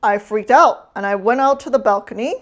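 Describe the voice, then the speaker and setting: A woman's voice: a little high, a little fast. A woman streamer chatting casually with her chat while cooking, teasing and laughing often.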